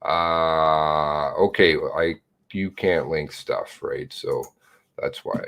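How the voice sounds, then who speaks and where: A man's voice: rumbling low, extremely slow, creaky, fairly bright tone. A man hosting a live stream, chatting in a rambling way and reading viewers' comments and emails aloud, with blunt, casual swearing. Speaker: livestream host.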